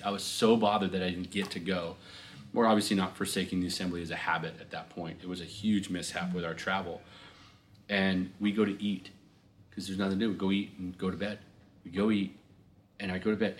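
Male pastor, lower voice, animated storyteller who slips into quoted voices; faint noise underneath. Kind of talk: speaking at a Q&A session.

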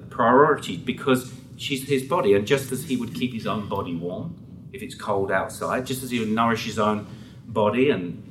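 A man's voice: on the low side, fairly bright tone, a little hiss or hum. A man, a pastor, preaching a sermon in an earnest, conversational way with frequent restarts. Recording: roomy hall, voice from a distance.

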